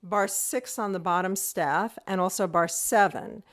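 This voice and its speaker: A woman's voice: medium pitch, a little slow, a bit bright, faint music behind. A patient woman teaching over a video call. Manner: patient step-by-step instruction, counting beats aloud; sings rhythm syllables to demonstrate. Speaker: music teacher. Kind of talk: online group music lesson.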